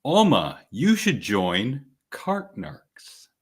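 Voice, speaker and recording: A man co-hosting a podcast in casual chat, relaxed and rambling with dry humor. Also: medium pitch, drawn-out words, husky. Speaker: podcast co-host.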